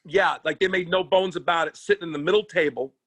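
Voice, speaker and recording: Man, comedian guest, bright high voice, profane animated storyteller, dry close mic. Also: quick pace, no echo. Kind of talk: casual storytelling chat. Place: podcast studio.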